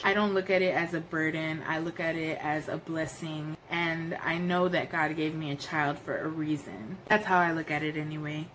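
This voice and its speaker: A woman's voice: lowish voice, fairly bright tone, a little hiss or hum, poor audio. A woman telling her birth story in a casual vlog, candid and profane, acting out her own reactions. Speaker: new mother, vlogger.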